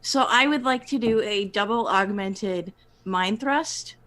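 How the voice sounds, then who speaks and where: A woman's voice: mid-range voice, takes it slowly, fairly bright tone. A woman playing a tabletop game, asking rules questions and joking around in a chatty way. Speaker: player. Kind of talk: casual tabletop play.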